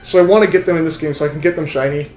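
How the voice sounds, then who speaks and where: Young guy rambling to his stream chat, kinda high voice, faint music behind. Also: fairly even intonation, rapid-fire, a little mellow, echoey room. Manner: rambling, chatty, full of restarts. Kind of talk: live-stream chat while shiny hunting.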